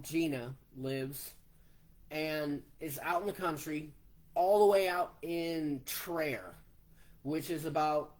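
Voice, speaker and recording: A man in his forties, slowly telling a personal story in a plain way, step by step. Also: a little high, a little mellow. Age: 40s. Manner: slow, plainspoken, retelling step by step. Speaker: vlogger.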